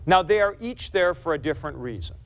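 A man's voice: on the high side, lively intonation, fairly quick. A man teaching a grammar class in a lecture, who explains carefully, repeats key points and corrects himself. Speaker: Greek teacher.

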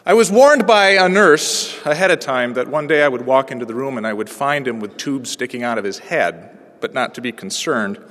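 A pastor in his forties preaching a sermon through a personal story, moving from hushed, quiet passages to ringing proclamation. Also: medium pitch, animated, moderate pace. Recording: long reverb of a large hall.

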